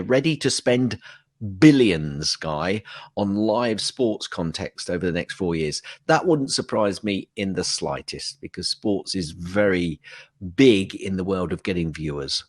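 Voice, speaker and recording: Lively low-voiced British podcast host. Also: male voice, dry recording, studio quality. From United Kingdom. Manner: chatty and playful, laughs at his own reading. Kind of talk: casual tech podcast chat.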